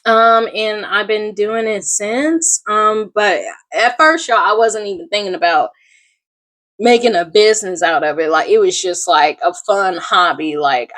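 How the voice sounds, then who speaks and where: A woman's voice: medium pitch, fairly bright tone. A middle-aged woman, telling her story in a rambling, chatty personal vlog, full of fillers and asides. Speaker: small craft business owner.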